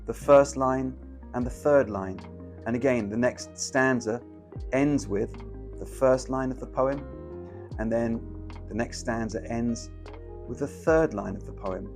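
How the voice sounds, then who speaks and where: A man's voice: medium pitch, a little slow, faint music behind. A man teaching an online poetry lesson in a chatty, digressive way, with frequent ums. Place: indoors, screen-sharing to an online audience.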